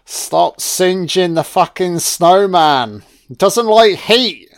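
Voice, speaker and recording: A slow, high-pitched male voice provides foul-mouthed comic commentary on a film. He sounds sarcastic and deadpan, swearing freely.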